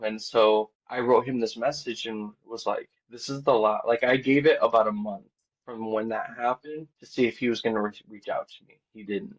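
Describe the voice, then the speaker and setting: A man guest on a podcast, telling a personal story in a rambling, casual way, full of "like" and quoted back-and-forth, mostly quiet and low-key. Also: normal speed. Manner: rambling, heavy on "like" and quoted dialogue; quiet and low-key, lifting when excited. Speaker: podcast guest, band vocalist. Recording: dull, muffled podcast audio.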